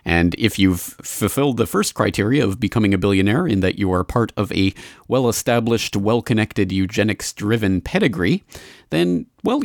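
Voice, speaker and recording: A man's voice: lowish voice, no room sound, studio quality. A man reading scripted documentary narration in a sardonic, mocking tone.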